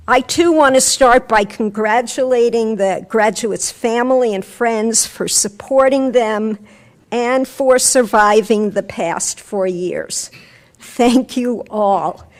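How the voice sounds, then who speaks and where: A woman in a large hall giving a formal address at a graduation ceremony as she confers degrees. She speaks in a measured, formal way. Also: on the high side. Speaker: school official conferring degrees.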